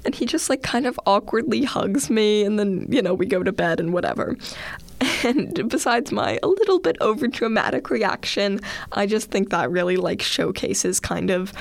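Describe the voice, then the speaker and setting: Casual storyteller: a woman with a creaky voice, earnest and chatty, dry close sound. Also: medium pitch, no room sound. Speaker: student leader on a radio student segment.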